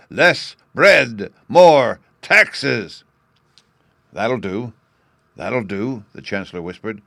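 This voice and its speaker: A man with a fairly low voice reads a classic story aloud at a steady, measured pace. The recording is dry and close, with no room sound around him. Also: no room sound. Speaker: audiobook narrator. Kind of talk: scripted audiobook narration.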